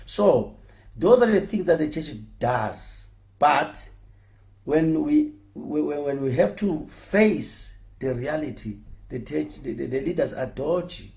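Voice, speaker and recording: A former pastor, speaking earnestly and repeating himself, stumbling over words when heated. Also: male voice, on the high side, expressive, slow pace, creaky, mellow. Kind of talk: impassioned spoken address.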